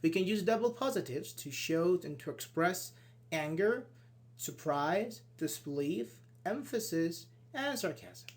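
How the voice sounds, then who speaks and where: A man giving an online English grammar lesson, explaining step by step and acting out short sample dialogues. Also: a little slow. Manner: explains with many "for example"s and acted-out sample dialogues; lively, switches pitch when voicing example sentences. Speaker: English teacher.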